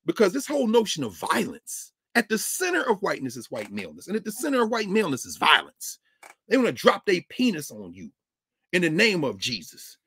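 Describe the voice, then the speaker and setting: Emphatic, animated man lecturing. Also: sits high, brisk, husky. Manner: emphatic, preacher-like rhetorical questions. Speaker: professor and regular guest commentator. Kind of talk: impassioned lecture.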